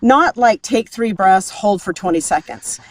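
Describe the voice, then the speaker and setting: A woman's voice: mid-range voice, lively intonation, unhurried, no room sound. A woman hosting a casual health talk while out on a hike, explaining things in an upbeat way. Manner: explanatory, upbeat, laughs easily. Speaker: host. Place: outdoors on a hike.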